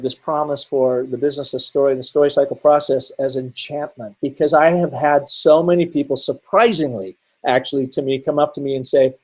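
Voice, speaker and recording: A middle-aged man from the Seattle area presents a webinar in a slightly higher-pitched voice. He teaches through energetic storytelling and keeps asking his listeners rhetorical questions. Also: low-quality recording. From Seattle, Washington area.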